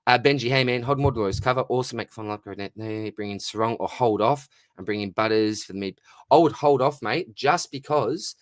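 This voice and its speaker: A man's voice: mid-range voice, fairly quick, no room sound, studio quality. An Australian man hosting a casual live Q&A stream, laid-back and chatty, reading out viewer questions and calling everyone mate. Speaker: fantasy football livestream host.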